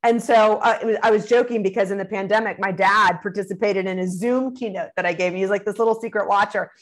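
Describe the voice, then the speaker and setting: A woman's voice: mid-range voice, steady tone, quick pace. A middle-aged woman, a communication speaker, answering interview questions expressively, acting out quoted phrases and laughing easily.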